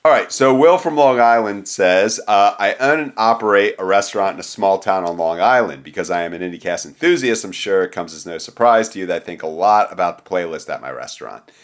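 A man's voice: low-pitched, animated, a little fast, hardly any pauses. A man co-hosting a casual podcast, talking in a loose, rambling way with casual swearing. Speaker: podcast co-host.

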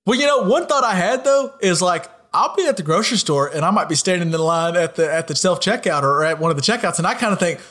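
A man with a notably high voice chats loosely on a podcast. He jokes, laughs a lot and stumbles over repeated words as he talks. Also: animated, quick pace, few pauses, fairly bright tone. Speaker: podcast co-host. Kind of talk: casual podcast chat.

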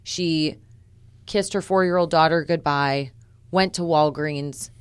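A woman reporter co-hosting a true-crime podcast, laying out facts in a measured, methodical way. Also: deep voice, fairly even intonation, clear, resonant tone, no echo. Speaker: reporter and co-host.

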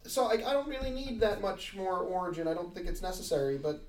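A man's voice: sits high, lively intonation, fast talker, darkish tone, distant mic. A man co-hosting a podcast in casual chat, sarcastic and swearing casually. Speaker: podcast co-host. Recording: roomy, away from the mic.

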